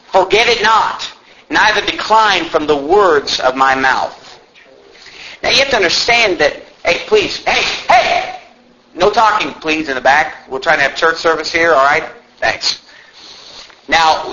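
Emphatic preacher man, bright lo-fi sound. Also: a little high. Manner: emphatic preaching, reads verses slowly, rising on exhortations. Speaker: pastor. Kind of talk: sermon. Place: church sanctuary.

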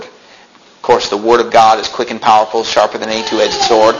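A pastor preaching a sermon in a church, explaining scripture with rhetorical questions and folksy asides. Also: male voice, lowish voice, level tone, a little fast, a bit bright, rough recording.

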